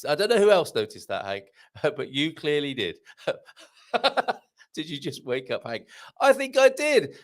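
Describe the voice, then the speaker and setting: A man's voice: fairly high pitch, big pitch swings, measured pace. A man hosting a live online show, chatting and reading out viewer comments. He is jokey, laughs often and trips over his words.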